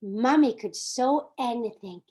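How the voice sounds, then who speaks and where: A shy, dreamy little girl narrating her own story, as a woman plays her in a one-person stage reading. She speaks softly, slowly and high. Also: breathy edge. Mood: wistful.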